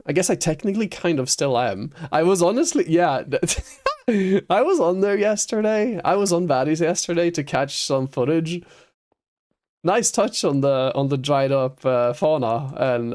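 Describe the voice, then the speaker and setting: A man's voice: fairly high pitch, a little mellow. A Norwegian man, a native Norwegian speaker, chatting casually with viewers on a game livestream and chuckling often. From Norway. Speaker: streamer.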